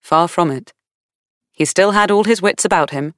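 A woman's voice: on the low side, normal speed, a bit bright, no room sound, clean studio sound. Woman reading an audiobook. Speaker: audiobook narrator. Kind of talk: scripted narration.

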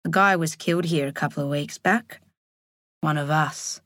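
A woman's voice: moderate pace, fairly bright tone, dry recording, studio quality. Woman doing a mumbling drunk old homeless man. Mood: wary. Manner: mumbling, low and muttered.

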